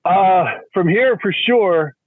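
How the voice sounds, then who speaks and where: A middle-aged man chatting as a podcast guest, animated and laughing often, slipping into voices as he talks. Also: high-pitched, takes it slowly, no echo. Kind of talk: casual chat. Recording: thin phone-like line, dry.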